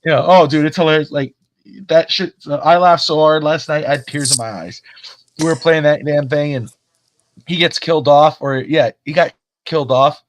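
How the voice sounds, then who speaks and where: A man with a somewhat high voice talks sports on a podcast in a relaxed, chatty register. He tells stories with energy and swears a lot, jumping from one idea to the next. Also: moderate pace. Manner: animated, profane storyteller. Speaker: podcast co-host. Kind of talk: casual sports chat.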